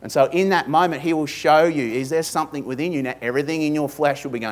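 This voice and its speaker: A man's voice: a little high, steady tone, quick pace, few pauses. Emphatic Australian man preaching. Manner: emphatic, builds repetitive lists with humorous asides. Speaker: pastor. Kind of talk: sermon. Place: church.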